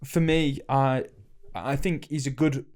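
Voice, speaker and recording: A young man co-hosting a podcast, talking football in a chatty, opinionated way with quick restarts. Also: mid-range voice, fairly even intonation, a little mellow. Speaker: podcast co-host. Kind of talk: casual football chat.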